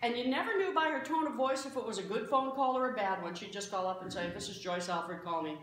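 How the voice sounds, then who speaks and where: A woman's voice: sits high, animated, fast. A woman pastor preaching a sermon as a self-mocking story, recorded in a church sanctuary. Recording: very echoey church hall, faint noise.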